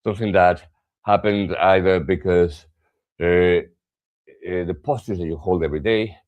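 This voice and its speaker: A very deep-voiced man leads a morning stretching class. His cues are calm and instructive, and his voice sinks soft and low when he stresses a word. Now and then he stops on fillers while he explains a point. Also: measured pace, phone-quality sound. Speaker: yoga and somatic practice teacher.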